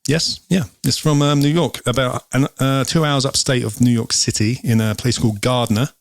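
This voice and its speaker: Bloke chatting whisky, lots of ums, dead dry room. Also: male voice, mid-range voice, fairly even intonation, moderate pace, gravelly, no room sound. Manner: rambling, explaining with many ums. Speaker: whisky show co-host. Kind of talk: casual chat.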